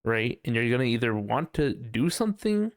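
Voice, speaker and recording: A young man hosts a podcast and talks through a heated, swearing rant that breaks into laughs. His mid-range voice has a gravelly edge. The sound is close and dry, with no room in it. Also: medium pitch, moderate pace, no room sound. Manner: profane, animated ranting with frequent laughs. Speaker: podcast host. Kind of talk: casual ranting chat.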